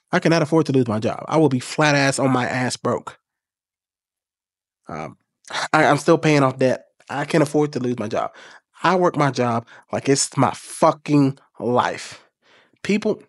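A man talks straight to camera in a blunt, earnest way, with plenty of swearing and emphatic peaks. His voice sits a bit higher than most men's. The sound is dry and close, with no room echo. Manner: emphatic, rising to forceful peaks. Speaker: YouTube commentator. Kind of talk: reaction commentary.

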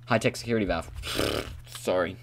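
This is a man with a low-pitched voice and a moderate pace, heard against slight background noise. He plays an adventure map on a headset mic, offering rambling let's-play commentary full of self-talk and goofy sounds.

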